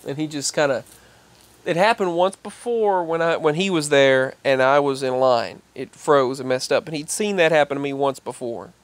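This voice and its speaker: A vlogger with a fairly high voice at normal speed tells a rambling personal story in a casual style. He repeats himself and gets louder whenever he quotes other people.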